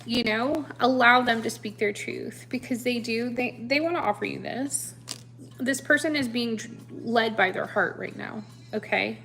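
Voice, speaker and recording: Over soft background music, a woman with a higher, gravelly, somewhat bright voice gives a live tarot reading at a moderate pace. She sounds sniffly, laughs a lot, and playfully addresses viewers as honey, kids, and guys.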